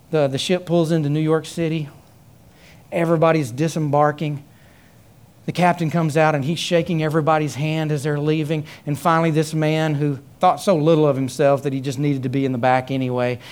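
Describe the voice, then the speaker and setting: A man preaching a sermon, telling a story with many repeated phrases and rising to loud, high emphasis. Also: clear, resonant tone. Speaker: pastor.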